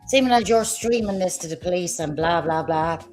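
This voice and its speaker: Woman, livestreamer, lower voice, sarcastic heated rant, faint music behind. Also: a little fast, darkish tone. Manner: combative, sarcastic, swearing.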